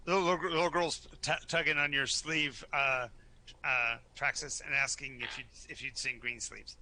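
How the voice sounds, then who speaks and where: Male game master, very bright tone, stammery live storyteller. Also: medium pitch, fairly even intonation, normal speed. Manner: stammering, repeats words, storytelling. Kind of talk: narrating a live tabletop game.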